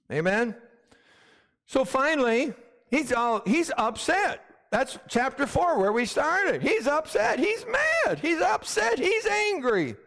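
A man's voice: high-pitched, a bit bright. A male pastor preaching a sermon in a church sanctuary, emphatic and often calling out for an "Amen" from the congregation. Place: hot church sanctuary with fans running. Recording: long hall reverb.

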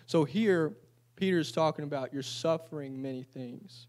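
A man's voice: on the high side, moderate pace, darkish tone. A man preaching a sermon in a church. He reads scripture aloud and then explains it in casual, everyday talk. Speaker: pastor.

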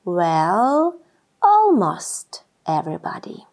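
A woman reading a children's story aloud with expressive, storytelling delivery. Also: lowish voice. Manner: warm, expressive, slow storytelling. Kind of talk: children's read-aloud narration.

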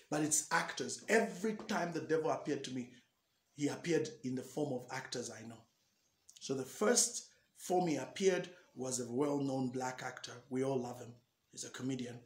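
Male pastor, animated testimony, slightly higher voice, echoey room. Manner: animated storytelling, acting out dialogue. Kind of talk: personal testimony.

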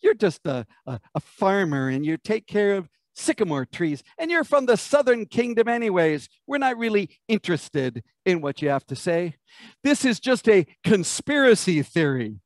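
A haughty priest waves away an unwelcome prophet with open scorn, as a preacher acts him out. The voice sits fairly high. The sound is dry and close. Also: male voice, very animated, normal speed, no echo. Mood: scornful. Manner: scornful, dismissive. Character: dismissive ancient priest, scornful male.

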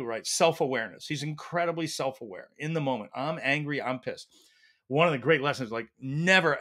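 A man who is a leadership professor, a guest in an interview, telling stories in an animated way and acting out quotes. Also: medium pitch. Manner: animated storyteller, acts out quotes. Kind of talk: storytelling interview answer.

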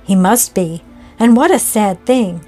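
A woman's voice: medium pitch, unhurried, dark tone, faint music behind, close to an everyday voice. A woman reading aloud, voicing a frightened, fretful male innkeeper in an old ghost story. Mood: dismayed. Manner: fretful, wailing.

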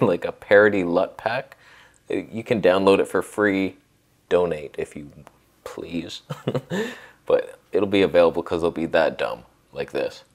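Sarcastic, animated male camera reviewer. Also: sits low. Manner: sarcastic, rambling, jokey asides. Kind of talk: comedic camera review rant.

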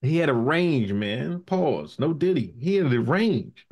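Animated profane male podcast host. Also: fairly high pitch, measured pace. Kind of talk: casual podcast banter.

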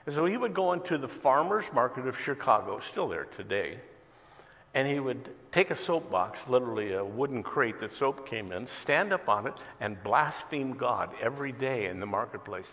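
A male pastor preaching a sermon in a large church, telling a story with dramatic swings between loud and quiet. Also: medium pitch. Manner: storytelling with dramatic shifts in loudness. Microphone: church sound system, streamed. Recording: echoey large church hall.

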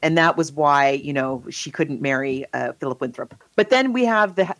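A woman's voice: low voice, moderate pace, no room sound. A woman co-hosting a podcast, chatting casually and enthusiastically. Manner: chatty, enthusiastic, voices quoted people playfully. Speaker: podcast co-host. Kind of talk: casual chat.

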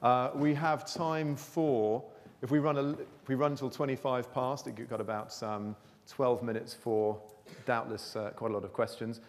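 A man hosting a conference session, calling the speakers up to the stage in a relaxed, informal way. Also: medium pitch, unhurried. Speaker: session host. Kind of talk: moderating a conference panel. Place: large lecture hall. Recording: echoey hall reverb.

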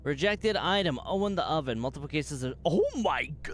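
A man streaming a video game, reacting out loud in an excitable way, swearing and jumping to sudden shouts. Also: a little high, a little fast, a little hiss or hum. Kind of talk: gaming livestream commentary.

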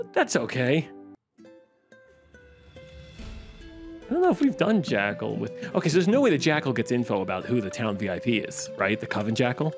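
Man, game host, voice chat, relaxed, lively pitch, thinks aloud, faint music behind. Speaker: game host setting up matches. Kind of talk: casual gaming chat.

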